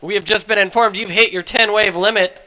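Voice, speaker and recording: A playful male commentator calls the surf contest play by play. He laughs easily. His voice is high and very bright, with a crisp, forceful edge. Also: fairly even intonation, fairly quick, low-quality recording. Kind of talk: live sports commentary.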